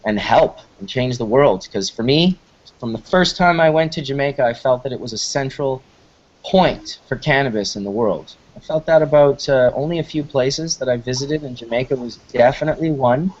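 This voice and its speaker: A man's voice: medium pitch, moderate pace, a little mellow. A man hosting a casual talk show, telling stories in a rambling, enthusiastic way with frequent restarts. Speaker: host. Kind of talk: casual storytelling chat. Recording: slightly muffled lo-fi recording.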